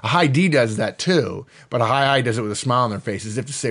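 A middle-aged man co-hosting a podcast in a fast, animated manner, often breaking into laughter. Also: medium pitch. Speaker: podcast co-host. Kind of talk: animated casual chat.

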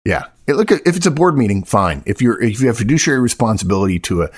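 A man's voice: mid-range voice, lively intonation, fast, breathy edge, dry recording, studio quality. A man co-hosting a podcast, talking bluntly and emphatically, repeating his points for effect. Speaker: podcast co-host. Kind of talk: casual podcast chat.

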